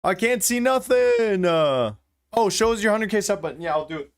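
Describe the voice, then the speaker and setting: A young man livestreaming, chatting casually with his viewers, swearing freely and thinking out loud. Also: sits high, animated, normal speed.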